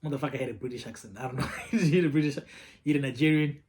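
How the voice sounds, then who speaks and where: A man's voice: a little high, very fast, darkish tone. A man telling a story from his own life in a casual, candid way. He swears freely and often repeats himself. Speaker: vlogger.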